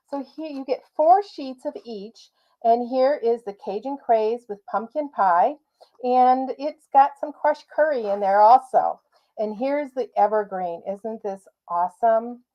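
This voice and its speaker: A woman's voice: a little high, dull audio. A woman giving a casual card-making tutorial, chatting and thinking aloud as she works and changing her mind partway through.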